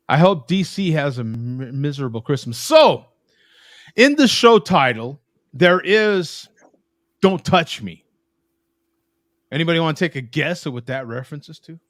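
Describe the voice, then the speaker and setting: A man's voice: fairly high pitch, big pitch swings, measured pace, pauses often, no room sound, clean studio sound. A man hosting a casual beer chat, joking and rambling, often laughing. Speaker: podcast host. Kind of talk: casual chat over beers.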